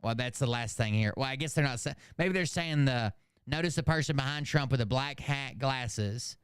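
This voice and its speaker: A man's voice: medium pitch, moderate pace, clean tone, no room sound, clean studio sound. A man hosting a casual commentary show, reading emails aloud with sarcasm and swearing. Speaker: host.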